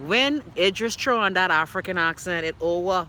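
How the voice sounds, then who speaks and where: A woman hosts a casual live stream from a city street and reads her viewers' comments aloud. She teases and banters with them in an animated way. Her voice is piercingly bright and tense, with faint street noise behind her. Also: on the low side, moderate pace, hardly any pauses, poor audio. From Bahamas. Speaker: livestream host reading viewer comments.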